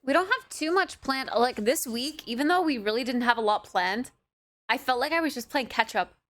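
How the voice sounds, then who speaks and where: A young woman livestreamer chatting casually with her viewers from her apartment, playful and cutesy, drowsy and relaxed. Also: high-pitched, moderate pace, no echo. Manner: cutesy, playful baby talk. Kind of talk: casual chat with stream viewers.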